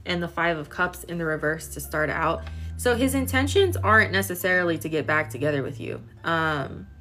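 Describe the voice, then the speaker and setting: A woman's voice: low-pitched, expressive, moderate pace, bright, forceful tone. A young woman in her twenties doing a casual live-stream tarot reading, chatty and full of filler words while she talks to viewers. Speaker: tarot reader.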